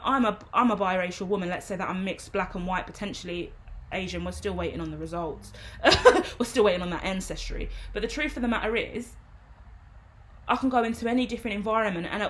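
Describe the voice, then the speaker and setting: A woman speaks in a loose, rambling vlog monologue. Her voice sits at an ordinary mid pitch, and she talks frankly, with the easy flow of someone thinking aloud. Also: fairly bright tone. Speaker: tarot reader and medium.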